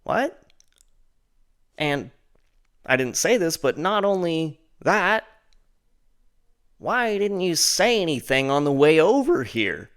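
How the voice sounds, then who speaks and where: A man hosting his own show, telling a rambling personal story full of "like" and "and then," putting on a higher voice to mock what others said. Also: very animated, unhurried, a bit bright, clean tone. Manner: mocks the friend's lines in a higher voice. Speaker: show host. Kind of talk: casual storytelling.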